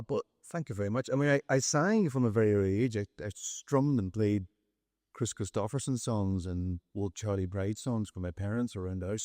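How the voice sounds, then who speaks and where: A middle-aged Northern Irish songwriter chatting on stage with an easy, storytelling manner. His voice sits low, and the close mic gives a dry sound with no room around it. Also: no room sound. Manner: relaxed, storytelling, self-deprecating. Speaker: songwriter guest. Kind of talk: on-stage conversation.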